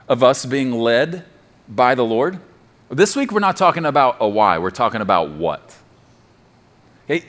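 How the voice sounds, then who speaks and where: Pastor, male, higher pitched, lively delivery, emphatic and repetitive in his preaching. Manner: emphatic, repeats key phrases for stress; direct appeals to the congregation. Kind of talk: sermon.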